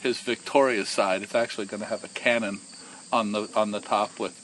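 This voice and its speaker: A man's voice: on the low side, fairly even intonation, brisk, a bit bright, slight background noise, poor audio. A man who co-founded a whiskey distillery tells its story casually and with animation, often repeating and restarting words.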